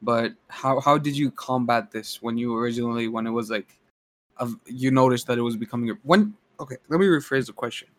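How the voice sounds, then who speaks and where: A man's voice: mid-range voice, fairly quick, no room sound. Young man, casual and swearing freely. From Pakistan. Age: young adult. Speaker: podcast guest. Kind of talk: casual podcast chat.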